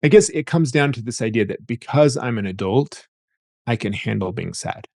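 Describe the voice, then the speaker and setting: A man's voice: medium pitch, animated, normal speed, gravelly, a little mellow, no room sound, studio quality. A man speaking as a therapist guest in an interview, thoughtful and explanatory, often repeating words as he thinks. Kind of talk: interview conversation.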